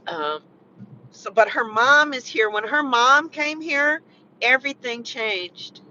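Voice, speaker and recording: A vlogger in an emotional personal chat, talking in a rambling, halting way, full of "you know" and restarts. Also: medium pitch, lively intonation, pushed and bright, slight background noise. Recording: muffled lo-fi recording.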